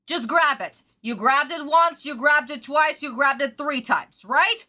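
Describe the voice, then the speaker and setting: A woman's voice: high voice, unhurried, pushed and bright. A woman streamer ranting through a casual live reaction to a cartoon episode, exasperated and swearing a lot.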